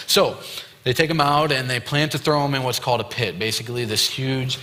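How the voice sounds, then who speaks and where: Young man, youth pastor, bright forceful voice, casual storytelling sermon, echoing church hall. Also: medium pitch, fairly even intonation, a little fast. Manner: retells a story with loose quoted dialogue and fillers. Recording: long hall reverb.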